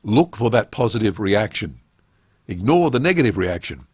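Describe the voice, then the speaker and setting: A man's voice: lowish voice, sing-song, normal speed, husky, no room sound, clean studio sound. A middle-aged man giving a webinar lecture on public speaking, emphatic and full of rhetorical questions.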